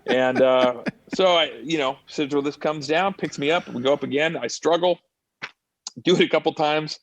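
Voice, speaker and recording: A man's voice: fairly high pitch, normal speed, no echo. Chatty middle-aged stuntman telling stories. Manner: animated, lots of fillers and restarts. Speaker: stuntman and actor, guest. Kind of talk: casual interview storytelling.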